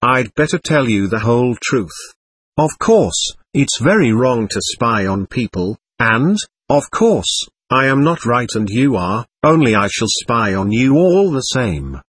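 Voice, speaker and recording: A man's voice: medium pitch, very animated, a little slow, fairly bright tone, slightly rough, dry recording, full character voice. A man reading the part of a playful, teasing young woman who speaks eagerly and fervently.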